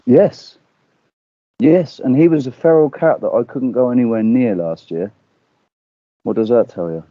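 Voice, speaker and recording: A man in casual chat, telling stories with animated swearing and acting out quotes. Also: medium pitch, unhurried, no echo. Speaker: podcast guest. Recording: dull lo-fi audio.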